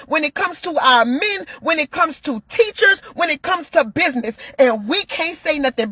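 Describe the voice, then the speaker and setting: A woman's voice: sits high, fairly bright tone, no echo. A woman telling a personal story and delivering an impassioned monologue, repeating phrases for emphasis. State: shaken, near tears at times. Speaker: commentator.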